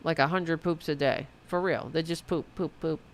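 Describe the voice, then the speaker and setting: A woman's voice: sits low, steady tone, moderate pace, a little hiss or hum. A middle-aged woman hosting a podcast, chatting casually to her live audience, rambling and self-mocking, swearing freely. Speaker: podcast host. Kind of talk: casual late-night livestream chat.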